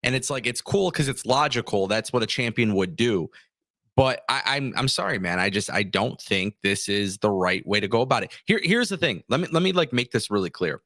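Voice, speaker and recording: A man's voice: lowish voice, lively intonation, a little fast, fairly bright tone, no echo, clean studio sound. A man co-hosting a livestream, talking in a fired-up, frustrated way and often stumbling and restarting his sentences. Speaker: co-host. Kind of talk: livestream wrestling talk.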